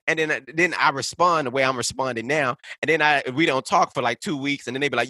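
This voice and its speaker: Fast-talking man on a heated rant. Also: medium pitch, bright, forceful tone, no echo. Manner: heated, profane, fast ranting. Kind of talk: casual podcast rant.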